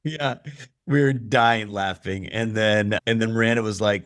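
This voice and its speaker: A man hosting a podcast, chatting casually and telling lively stories. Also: lowish voice, normal speed, no echo, clean studio sound. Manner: chatty storyteller, animated when laughing. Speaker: podcast host. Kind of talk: casual conversation.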